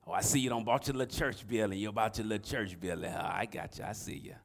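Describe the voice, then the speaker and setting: A man's voice: on the low side, a little hiss or hum, voice pushed down, lightly acted. A man mimicking a belittling acquaintance who sneers at his church's progress. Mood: mocking. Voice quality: mocking, drawn-out taunting.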